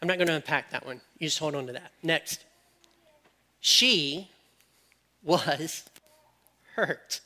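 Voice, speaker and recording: A man preaching a sermon, animated and joking with his listeners, then dropping to quiet, probing questions. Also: a little high, takes it slowly, long pauses. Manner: animated, jokes with the audience, drops to quiet questions.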